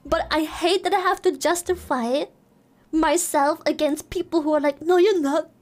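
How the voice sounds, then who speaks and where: A woman's voice: sits high, steady tone, moderate pace. A woman from Germany chatting casually with her live stream audience, giggly and playful, cursing freely. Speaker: livestreamer.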